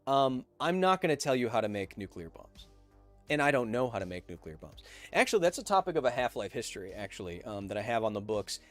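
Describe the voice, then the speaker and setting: A man in his thirties hosting a casual podcast live stream, reading viewer questions and answering with animated, opinionated emphasis. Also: quick pace, soft background music. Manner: animated and opinionated, with emphatic swings in pitch and volume.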